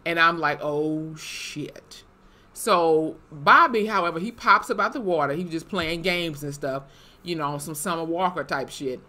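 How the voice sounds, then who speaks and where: Young woman ranting thru a tv recap, bright sharp voice, swears a lot. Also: low-pitched, moderate pace. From Wisconsin, USA. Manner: animated, swearing, lively asides. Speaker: YouTube TV reviewer. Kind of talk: casual episode recap.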